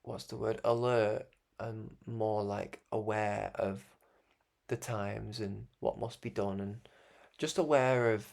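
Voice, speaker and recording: Gravelly Scouse man musing aloud. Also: lowish voice, steady tone, takes it slowly, darkish tone. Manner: rambling, restarts often, chuckles between thoughts. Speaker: broadcast host. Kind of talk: reflective spoken monologue.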